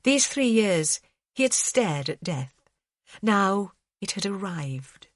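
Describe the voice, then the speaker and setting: Woman reading an audiobook, measured and steady, medium voice, dry close sound. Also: mid-range voice, no echo. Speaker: audiobook narrator. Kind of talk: scripted narration.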